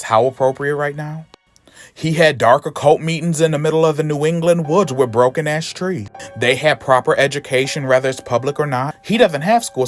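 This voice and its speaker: A man recapping a comic in a sassy, slangy, casual way, often calling listeners honey. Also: a little high.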